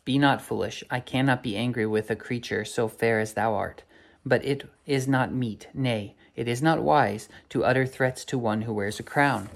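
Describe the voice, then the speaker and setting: A man's voice: medium pitch, normal speed, creaky, lightly acted. A man reading aloud as a lustful, pompous ancient king who speaks in archaic, self-important phrases.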